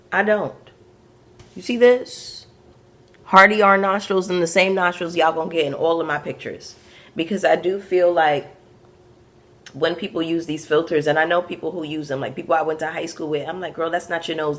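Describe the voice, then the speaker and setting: Young woman, Brooklyn accent with Bajan and patois flavour, low voice, animated TV recapper. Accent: Brooklyn with a Bajan and Caribbean patois touch. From Brooklyn, USA. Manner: sassy, animated, frank asides to viewers. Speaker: YouTube reality TV recapper. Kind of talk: casual recap commentary.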